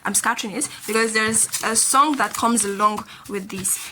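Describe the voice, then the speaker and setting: A woman teaching a beginner language lesson, patiently repeating each sound slowly as she writes. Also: a little high, background noise. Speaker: Korean teacher.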